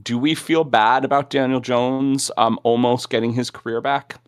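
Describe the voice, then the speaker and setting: A man's voice: medium pitch, fairly even intonation, moderate pace, clear, resonant tone, dry recording. A man co-hosting a sports podcast, with dry, skeptical remarks. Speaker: podcast co-host. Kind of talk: casual sports chat.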